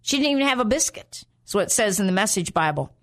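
A woman's voice: medium pitch, lively intonation, fast talker, fairly bright tone. A woman preaching a sermon in an earnest way, often repeating phrases for emphasis.

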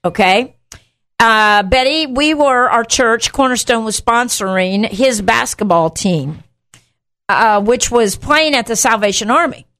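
A middle-aged woman co-hosting a Christian talk show, telling a story with lively asides and laughter. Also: fairly high pitch, unhurried. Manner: animated storyteller, acts out voices, laughs often. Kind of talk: casual faith talk, storytelling.

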